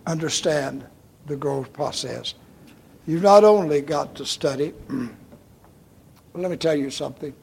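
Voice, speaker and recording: A man's voice: a little high, slow, creaky, long pauses, slight background noise. An older man pastor delivering an emphatic sermon, addressing the congregation as folks and checking in with okay. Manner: emphatic, repeats "okay?" and "folks", swings from loud to hushed.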